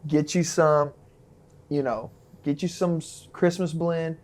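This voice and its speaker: A man's voice: fairly high pitch, steady tone, takes it slowly, a little mellow. A man co-hosting a podcast, chatting loosely and joking as he rambles along on a couch indoors. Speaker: podcast co-host. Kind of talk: casual podcast chat.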